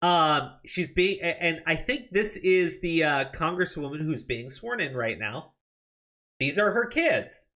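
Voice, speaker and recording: A man's voice: a little high, unhurried, pushed and bright. A man hosting a political commentary show, reacting to clips and news with angry, profanity-laced rants.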